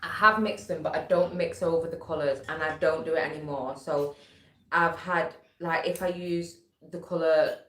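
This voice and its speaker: At home in an echoey room, a woman hosts a casual livestream, chatting, reading messages from the chat aloud, and trailing off with fillers. Her voice is low-pitched and steady, at a normal speed.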